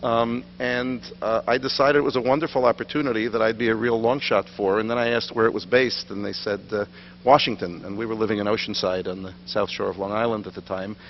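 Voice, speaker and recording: A man's voice: lowish voice, fairly even intonation, brisk. A middle-aged man, giving a lecture full of anecdotes and self-deprecating humor in a synagogue hall. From New York, USA. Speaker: guest lecturer. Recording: dull lo-fi recording with faint hum.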